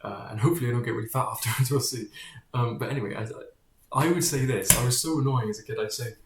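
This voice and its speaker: A man in a mid-pitched voice talks straight to camera in a loose, wandering monologue, jumping between tangents and swearing bluntly. His voice bounces around a bare, echoey room. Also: fast, background noise. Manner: digressive, keeps drifting off topic, blunt and profane. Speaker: vlogger. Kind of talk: casual rambling monologue to camera.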